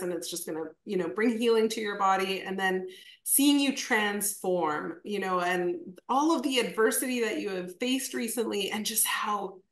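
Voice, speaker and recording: A woman's voice: mid-range voice, a bit bright. A woman coach speaking with heartfelt, emotional praise in an interview. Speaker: diet coach. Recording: echoey, distant from the mic.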